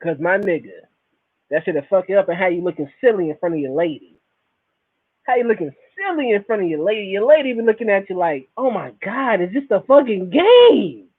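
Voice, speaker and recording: A man in his thirties delivers a loose, swearing monologue, repeating his points for emphasis. His voice sits high for a man and swings widely in pitch. The sound is thin and tinny, as if heard over a phone. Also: quick pace, breathy edge. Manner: animated, repetitive, profane storytelling. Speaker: podcast host. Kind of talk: casual monologue.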